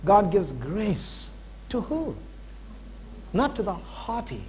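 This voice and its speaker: A man in his forties preaching a sermon with a high, lively voice that climbs and drops all over. He swings from loud, punchy emphasis to hushed, drawn-out points. A faint hum sits underneath. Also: low-quality recording. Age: 40s. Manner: animated preaching with rising and falling emphasis.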